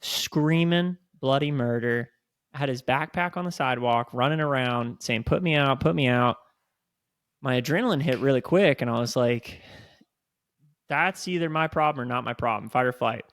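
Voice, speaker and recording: A man co-hosting a podcast, chatting casually and telling animated stories with some swearing. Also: medium pitch, moderate pace, dry recording. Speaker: podcast co-host. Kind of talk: casual chat.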